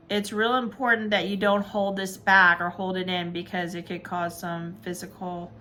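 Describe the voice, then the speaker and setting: A woman giving a casual tarot reading, upbeat and encouraging, chatting warmly to her viewers. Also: fairly low pitch. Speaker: tarot reader.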